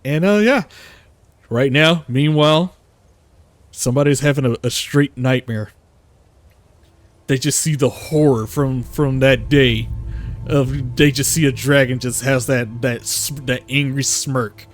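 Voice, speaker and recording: A man's voice: medium pitch, measured pace, long pauses, faint music behind. A man narrating a tabletop game as game master, rambling with fillers and laughs.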